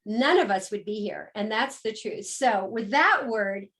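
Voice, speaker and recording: A woman's voice: mid-range voice, lively intonation, unhurried, a bit bright. A woman hosting a call, giving a heartfelt, emphatic introduction that repeats phrases for emphasis. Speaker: host.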